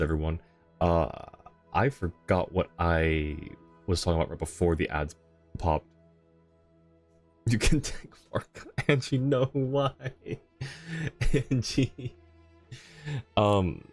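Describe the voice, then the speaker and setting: A man's voice: sits low, unhurried, long pauses, a little mellow, soft background music. A man streaming a video game, chatting casually, laughing often and going off on rambling asides. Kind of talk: casual live commentary.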